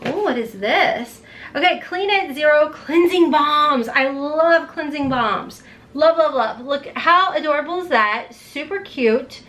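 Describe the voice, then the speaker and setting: A woman in her forties unboxing beauty products in a vlog, gushing and gasping with excitement. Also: high voice, unhurried. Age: 40s. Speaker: beauty vlogger.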